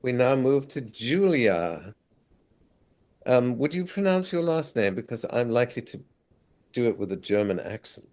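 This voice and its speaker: A man hosting a live reading event, introducing each reader in a relaxed, joking way. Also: mid-range voice, normal speed. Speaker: host.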